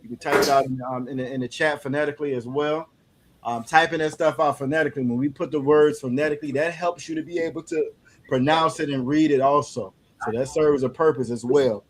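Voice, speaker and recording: A man teaching an online class, encouraging a student and repeating words slowly for practice. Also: fairly high pitch, fairly even intonation, a little hiss or hum.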